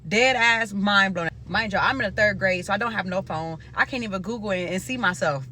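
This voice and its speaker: A woman's voice: mid-range voice, fairly quick, pushed and bright, a little hiss or hum. A woman from Nebraska telling a story in a loose, profane, casual style and talking straight to her viewers. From Omaha, Nebraska.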